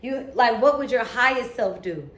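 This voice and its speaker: A woman's voice: on the high side, lively intonation, moderate pace, echoey room. A young woman talking to camera in an emotional vlog about faith, earnest and a little tearful, with casual slang. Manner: earnest, self-motivating, preachy, casual slang. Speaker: vlogger.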